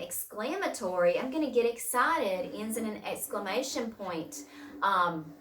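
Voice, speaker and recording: A woman's voice: mid-range voice, a bit bright. A woman teacher giving a recorded distance-learning lesson who talks patiently and repeats her key points. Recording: roomy sound from a distance.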